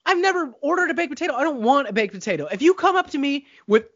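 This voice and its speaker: A man's voice: very high-pitched, expressive, very fast, fairly bright tone, no echo, highs cut off. A young man co-hosting a casual podcast, arguing bluntly and stubbornly and swearing freely. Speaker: co-host.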